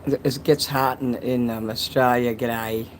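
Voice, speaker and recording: A man's voice: mid-range voice, fairly even intonation, moderate pace, a little hiss or hum, low-quality recording. A man casually chatting on a livestream, reading donations and rambling with crude jokes and many restarts.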